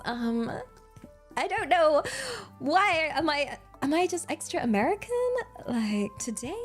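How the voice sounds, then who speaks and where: A bubbly young Englishwoman chats on her livestream with a bright, fairly high voice that swoops up and down. She talks in an excitable, giggly way. Soft music plays faintly behind her. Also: measured pace. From England. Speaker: streamer. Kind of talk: casual livestream chat.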